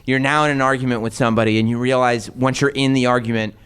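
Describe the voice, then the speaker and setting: A man's voice: medium pitch, fairly even intonation, fast, a bit bright, clear, resonant tone. A man hosting a radio talk show, asking dry, teasing questions in casual chat.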